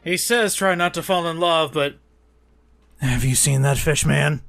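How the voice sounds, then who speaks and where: A man's voice: a little high, a little slow, creaky, a bit bright. A man hosting a let's play, giving goofy, self-mocking gameplay commentary. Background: game music.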